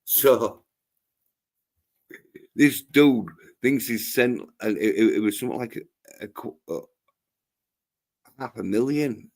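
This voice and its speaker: A man's voice: medium pitch, lively intonation, slow, long pauses, darkish tone. A man hosting a livestream, telling stories in a rambling, crude and profane way. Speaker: livestream host. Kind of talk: casual chat.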